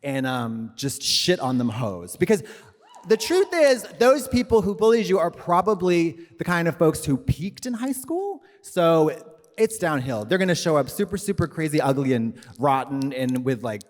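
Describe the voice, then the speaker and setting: Man, high voice, excitable theatrical comic banter, echoing live hall. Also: normal speed. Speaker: podcast co-host. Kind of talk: comedic live-show banter. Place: live stage show. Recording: reverberant live venue.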